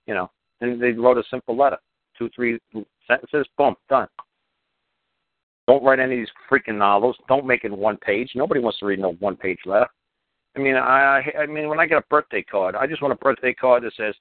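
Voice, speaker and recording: Male talk-radio host, blunt and profane, rambling and emphatic, mid-pitched voice on a tinny dry line. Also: fast, no echo.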